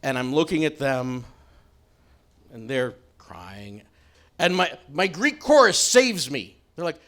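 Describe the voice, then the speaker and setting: A middle-aged man telling a self-mocking comic story on stage in a wry, animated way. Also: on the high side, slow pace, soft background music.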